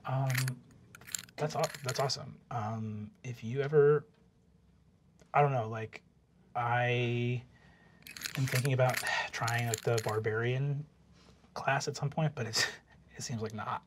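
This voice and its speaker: A man voicing a shy, awkward teenage satyr girl in a tabletop game, speaking softly and haltingly. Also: mid-range voice, fairly even intonation, noisy background, natural voice. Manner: soft, halting, mumbling.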